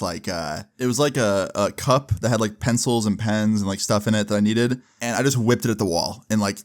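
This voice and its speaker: A young man casually telling a story to camera, exasperated and swearing freely. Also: lowish voice. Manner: profane, exasperated retelling. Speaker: storytelling vlogger.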